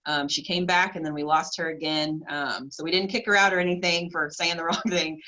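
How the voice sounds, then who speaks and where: Low, bright-voiced woman moderator. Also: fairly even intonation, a little fast, muffled recording. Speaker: panel moderator. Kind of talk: panel discussion.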